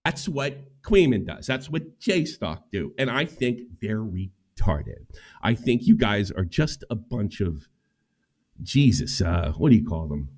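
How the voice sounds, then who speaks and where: A man's voice: very animated, takes it slowly, a little mellow. A middle-aged man ranting on a livestream, profane and heated. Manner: ranting, profane, swings pitch widely. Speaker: streamer.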